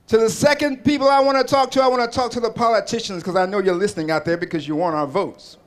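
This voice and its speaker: A man's voice: high voice, quick pace. A man delivering an impassioned political rally speech, building rhetorical repetitions and leading the crowd in call-and-response chants. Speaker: rally speaker.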